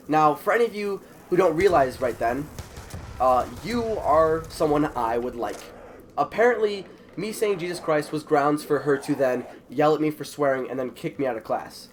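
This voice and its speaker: A man's voice: on the high side, normal speed, a little hiss or hum. Sick teenage boy telling a school story. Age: teens. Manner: animated, retelling with quoted voices. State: sick, a bit congested. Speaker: vlogger. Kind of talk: casual storytelling.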